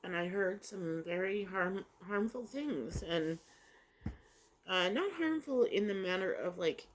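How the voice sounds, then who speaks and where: A woman's voice: mid-range voice, lively intonation, slow, slight background noise. A middle-aged woman, chatting casually over breakfast, rambling through a story with many fillers and restarts while she eats. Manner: talks while eating. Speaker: vlogger.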